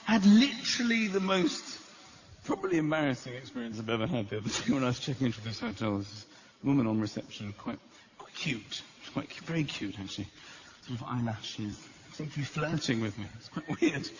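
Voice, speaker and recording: A man doing stand-up comedy on a theater stage, telling self-mocking stories in an animated way. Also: mid-range voice, fairly quick. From England. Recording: echoey live theater, dull, noisy.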